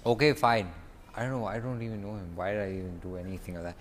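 Talking fast in a lowish voice with fairly even intonation, a young vlogger with stomach pain rambles in frustration outdoors, away from his home, stopping to groan. He records it all on a phone recording app.

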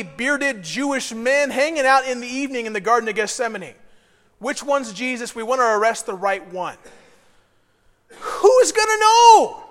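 Brief: male pastor, very high voice, chatty sermon delivery, church hall with long echo. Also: a bit bright. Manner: conversational, acts out quoted voices. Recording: long reverb of a large hall.

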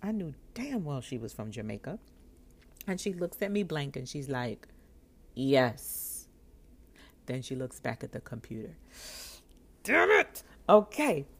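A woman vlogger telling a personal story in an animated, expressive way, acting out the voices of the people in it and laughing often. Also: extremely low pitch, moderate pace, husky.

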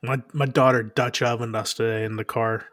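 A man's voice: mid-range voice, level tone, normal speed, fairly bright tone, no echo, clean studio sound. A man, a parent of a teenager, in casual chat, laid-back and asking his co-host questions.

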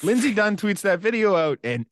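A man co-hosting a sports podcast, talking in a casual, animated way with quick asides and frequent laughter. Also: high-pitched, no echo. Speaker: podcast co-host.

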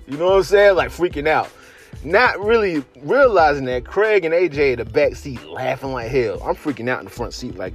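A man, a podcast host, telling a story casually, slangy and animated, acting out his friends' lines. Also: medium pitch, fairly quick, faint music behind.

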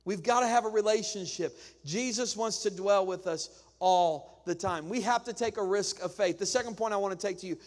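A man preaching to his church in a chatty, down-to-earth way. He slips into quick acted-out voices for humor. His fairly high voice rings with the long reverb of a large sanctuary. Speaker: pastor. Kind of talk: sermon.

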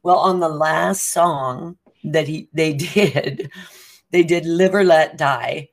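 Animated woman telling a story. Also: low-pitched, slow. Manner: animated, acts out quotes with laughs. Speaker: co-host. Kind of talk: casual storytelling chat.

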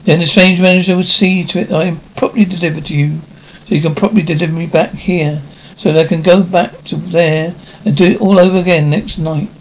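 A weary old stage star. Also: male voice, high voice, steady tone, poor audio. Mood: weary, melancholy. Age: older. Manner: wistful, theatrical, measured. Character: aging male stage star, weary, melancholy, grieving. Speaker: aging stage actor. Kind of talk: 1950s television drama. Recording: faint hiss of an old TV soundtrack.

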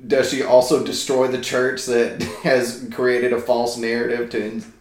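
A man's voice: mid-range voice, little pitch movement, unhurried. A man co-hosting a casual podcast chat with a dry, joking manner. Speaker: podcast co-host. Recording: echoey room.

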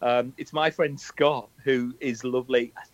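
A man's voice: mid-range voice, fairly even intonation, moderate pace, no echo, highs cut off. A man from England co-hosting a football podcast, telling rambling stories and laughing often. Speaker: podcast co-host. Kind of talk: casual chat.

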